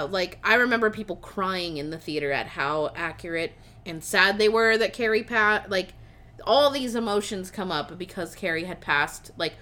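A woman's voice: mid-range voice, bright, forceful tone. A woman co-hosting a casual chat, enthusiastic and rambling with fillers as she talks about a movie.

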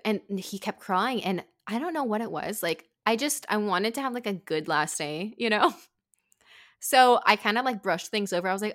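A young woman talks in a relaxed podcast chat, with a bright, forward tone. She tells her story with animated energy and leaps up in pitch when she acts out what other people said. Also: moderate pace. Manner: animated, acts out quotes with big pitch jumps.

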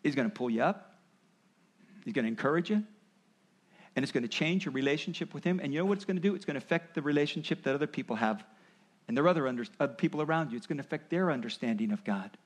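A man's voice: on the high side, quick pace. A man preaching a sermon, explaining and acting out quoted voices as he goes. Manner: animated, acts out voices of parents and Jesus. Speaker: pastor.

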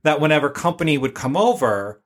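A man's voice: fairly high pitch, big pitch swings, a little fast. Chatty rambling man on a podcast. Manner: chatty, rambling storyteller with many fillers. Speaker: podcast co-host. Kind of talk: casual podcast chat.

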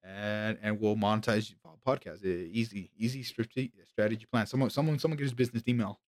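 A man's voice: lowish voice, steady tone, fairly quick, dry recording, studio quality. Stammering, joking man in podcast banter. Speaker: podcast co-host.

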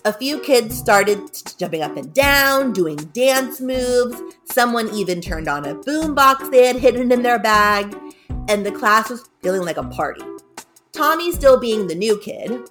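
A woman's voice: medium pitch, fairly bright tone. A woman narrating a spooky story in a casual, conversational way, shifting tenses and leaning into the dramatic moments.

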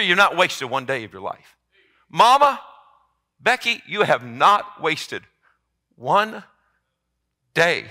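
Impassioned pastor, bright voice. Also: male voice, creaky. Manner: impassioned, rising to loud emphatic peaks then dropping low. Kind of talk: sermon.

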